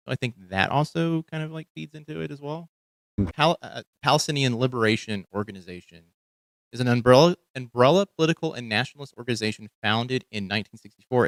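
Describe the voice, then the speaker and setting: A young man from Texas with only a faint trace of a Texan accent hosts a casual news podcast. He thinks aloud, full of fillers and restarts, at a middling pitch. The sound is dry and close, with no room around it. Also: a bit bright, no echo. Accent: light Texan. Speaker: podcast host. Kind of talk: casual commentary on news clips.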